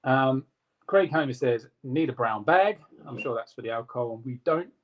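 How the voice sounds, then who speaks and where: A man co-hosting a casual live stream, reading out viewer comments in a quick, jokey way. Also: mid-range voice, animated, highs cut off. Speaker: co-host reading live chat.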